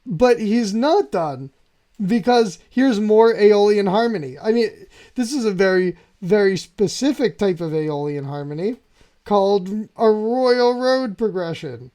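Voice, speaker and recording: A man's voice: high voice, animated, measured pace, mellow. A man hosting a piano channel, walking through music theory with enthusiasm and often checking in with "right?". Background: faint piano playing.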